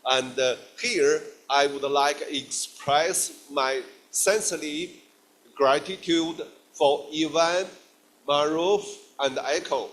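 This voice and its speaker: A middle-aged man from China with a Chinese accent, giving a guest lecture in halting English full of fillers and restarts. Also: a little high, a bit bright.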